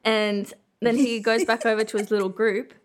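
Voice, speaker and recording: A young woman co-hosting a podcast, retelling a hospital visit with lively quoted dialogue. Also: a little high, normal speed, a little hiss or hum. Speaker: podcast co-host. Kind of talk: casual chat.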